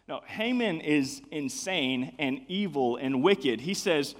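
A young man preaching to youth in a relaxed, chatty way, full of fillers. His voice sits fairly high. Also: takes it slowly, few pauses. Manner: casual, chatty, many fillers. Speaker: youth pastor. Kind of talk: youth sermon.

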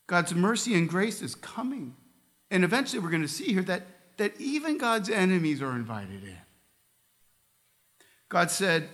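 Guy preaching a sermon, kinda high voice, earnest but chatty with little jokes. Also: expressive, measured pace, gravelly, a bit bright. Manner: earnest preaching with conversational asides and humor. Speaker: pastor.

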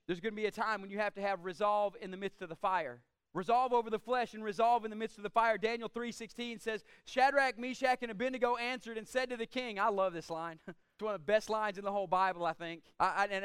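A male preacher, his voice pitched unusually high yet smooth and resonant. He delivers a fervent sermon, building to near-shouts and dropping into chuckling asides. The sound is close and dry, with no room echo. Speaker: pastor.

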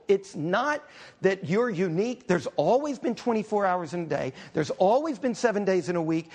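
High-voiced man preaching a lively sermon. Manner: conversational and humorous, with quick asides. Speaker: pastor.

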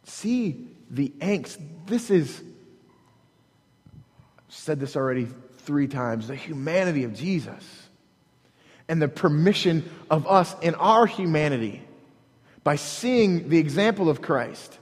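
A man preaching a sermon as a pastor, earnest and halting, often repeating words as he restarts, breaking into dramatic quoted prayers. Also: a little high, animated, breathy edge, long reverb tail.

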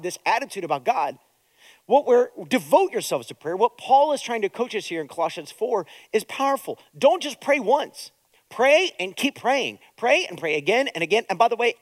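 High-voiced pastor preaching. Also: male voice, dry recording. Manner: preaching with strong swings between soft prayer and loud urging. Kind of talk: sermon.

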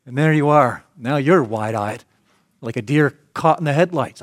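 A man preaching a sermon, telling a story and building to loud, emphatic peaks. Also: mid-range voice, normal speed, dry recording, studio quality. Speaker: pastor.

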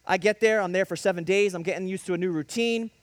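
A man's voice: sits high, quick pace, no echo. A man telling a faith testimony in emphatic preacher-style storytelling, with punchy short sentences that rise to bursts. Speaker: speaker giving a faith testimony.

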